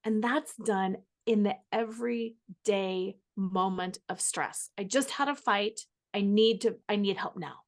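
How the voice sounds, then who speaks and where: A woman's voice: medium pitch, a little slow, hardly any pauses. A woman author and coach speaking enthusiastically as a guest, describing her sessions. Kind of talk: casual interview answers.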